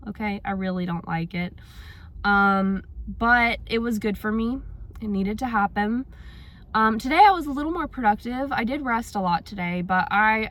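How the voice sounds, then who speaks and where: A young woman talking through a casual personal vlog, her voice sitting a little higher than most. She is chatty and acts out her own reactions, suddenly jumping up in pitch when she quotes herself. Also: a bit bright. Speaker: vlogger.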